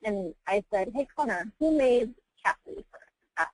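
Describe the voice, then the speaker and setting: A woman in her thirties, an adoptive mother, telling her family story candidly in a webinar, animated and laughing often as she acts out quotes. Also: on the high side, moderate pace, breathy edge, dry recording, poor audio. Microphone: webinar call mic.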